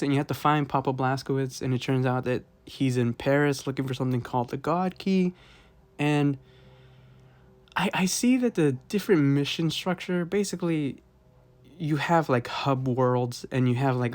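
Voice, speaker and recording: A man's voice: medium pitch, normal speed, darkish tone. A man rambling casually through a game review, with lots of fillers and frequent chuckles. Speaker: gaming video host.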